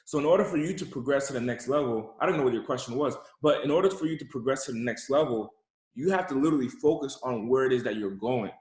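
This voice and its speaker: A man's voice: medium pitch, fast, a little mellow. A young adult man, an entrepreneur, giving a motivational account in an interview, emphatic and repeating words as he builds a point. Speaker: entrepreneur guest. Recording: roomy echo.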